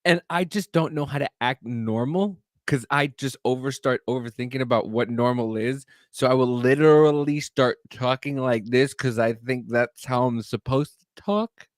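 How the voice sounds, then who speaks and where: A man co-hosting a podcast, telling a long self-mocking story in a loose, profane, animated way. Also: medium pitch, moderate pace, hardly any pauses, no echo, studio quality. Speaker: podcast co-host. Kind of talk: casual storytelling chat.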